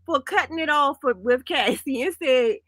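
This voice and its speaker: A woman co-hosting a casual reaction chat, excitable and laughing, often repeating herself. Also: high voice, normal speed, no room sound, clean studio sound. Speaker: co-host.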